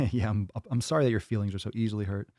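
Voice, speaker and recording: A man's voice: lowish voice, fast talker, mellow, dry recording, studio quality. A man hosting a live fitness Q&A stream, blunt and profane as he answers chat. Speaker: fitness podcast host.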